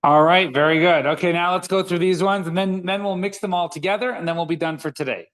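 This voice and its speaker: A man's voice: high-pitched, steady tone, fast, a bit bright, rough recording. A man teaching a reading class, patiently sounding out letters and words one by one for his students. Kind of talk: classroom lesson.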